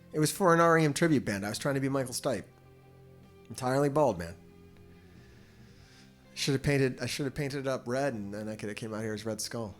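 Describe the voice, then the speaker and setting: A man chats loosely on a live stream, with a lively voice that climbs and drops. He swears freely and laughs often. Soft music plays faintly underneath. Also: medium pitch. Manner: profane, rambling, laughs often. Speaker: livestream host. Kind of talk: casual live-stream chat.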